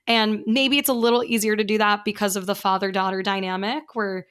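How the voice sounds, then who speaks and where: A woman's voice: medium pitch, flat delivery, a little fast, fairly bright tone, clean tone. Earnest woman podcast host. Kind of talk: conversational interview.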